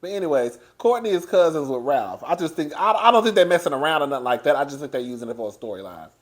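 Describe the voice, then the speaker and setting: A man giving a casual recap of a reality show, loud and animated, laughing often and chatting straight to his listeners. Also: on the high side, fast. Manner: chatty, addresses listeners as girl. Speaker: TV show reviewer.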